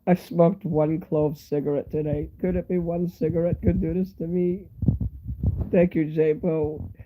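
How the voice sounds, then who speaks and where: A man in his fifties with a hoarse, fading voice and a stuffy nose, rambling candidly to his viewers in a casual live-stream chat. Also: a little high, flat delivery, a little slow, muffled recording, slight background noise. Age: 50s.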